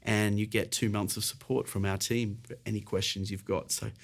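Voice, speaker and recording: A man's voice: on the low side, level tone, normal speed. A British man teaching an online piano lesson, encouraging and casual, explaining while counting and playing along. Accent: British English. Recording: faint piano music behind.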